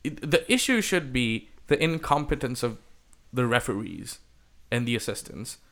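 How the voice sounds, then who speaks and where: A man's voice: mid-range voice, expressive, normal speed, a bit bright. A man hosting a casual football podcast chat, blunt and swearing freely, from India. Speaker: podcast host.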